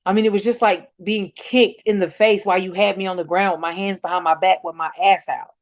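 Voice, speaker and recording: A woman's voice: mid-range voice, brisk, no room sound. A middle-aged woman, speaking bluntly as a guest about her son's killing and acting out the dialogue as she tells it. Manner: animated storyteller acting out quoted dialogue; blunt and outspoken. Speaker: guest, bereaved mother. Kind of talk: emotional personal account.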